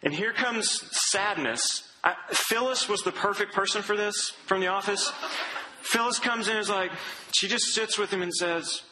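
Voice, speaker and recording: Male preacher, earnest and conversational, often soft and low; fairly high voice, tense and bright. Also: normal speed, rough recording. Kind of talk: sermon.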